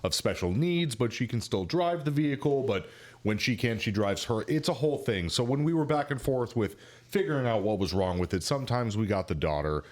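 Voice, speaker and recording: Animated man telling shop stories. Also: medium pitch, fairly quick. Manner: joking, animated storytelling. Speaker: podcast co-host, auto service worker. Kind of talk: casual podcast banter.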